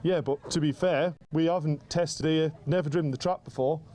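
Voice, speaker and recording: A man who is a racing driver, talking in a relaxed, matter-of-fact way during a pit lane interview. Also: a little high, normal speed.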